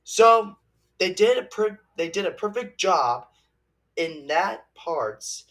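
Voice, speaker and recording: Slow, rambling young man reviewing a movie. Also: high-pitched, lively intonation, a bit bright. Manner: rambling, halting, many restarts and fillers.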